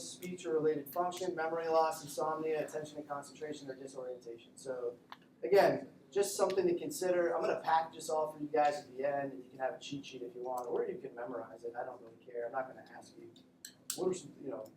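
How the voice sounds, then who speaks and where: A man lectures students in a loose, joking way, slipping into short acted-out patient exchanges. His voice sits a little higher than most men's. It comes from some distance across an echoey classroom, with faint room ambience behind. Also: darkish tone, a little hiss or hum. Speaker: instructor. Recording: echoey classroom recorded from afar.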